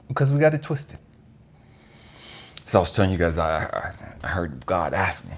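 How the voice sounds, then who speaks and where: A man giving an impassioned, profane motivational monologue, swinging between hushed whispers and raised outbursts. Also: low voice, big pitch swings, normal speed, pauses often, a little hiss or hum. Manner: profane, blunt street talk. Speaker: motivational speaker.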